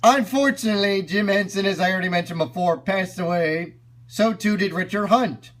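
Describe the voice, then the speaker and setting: A man's voice: sits high, moderate pace, a bit bright. Upbeat man commenting on clips. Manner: enthusiastic, explains as he goes. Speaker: video reviewer.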